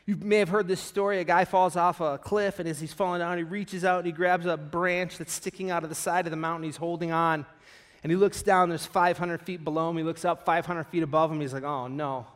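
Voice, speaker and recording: Casting: male pastor, lively sermon delivery, voice a little on the high side, acts out story voices. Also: a little fast.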